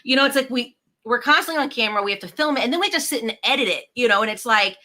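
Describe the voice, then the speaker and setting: Bubbly, lively woman. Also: fairly high pitch, very fast. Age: 40s. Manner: bubbly, chatty, lots of "like". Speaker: host. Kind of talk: casual chat.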